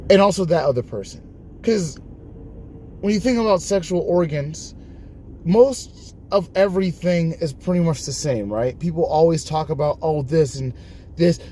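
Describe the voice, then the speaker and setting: A man chatting casually on a live stream, telling stories in an animated way, laughing often and acting out the lines people said to him. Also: fairly high pitch, normal speed, a little hiss or hum.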